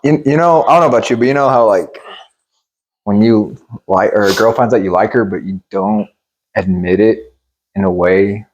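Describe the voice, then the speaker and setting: A young man co-hosting a podcast, telling a school memory in animated, joking casual chat. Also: on the low side, normal speed, muffled recording, slight background noise. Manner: animated, joking storytelling with laughs. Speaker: podcast co-host.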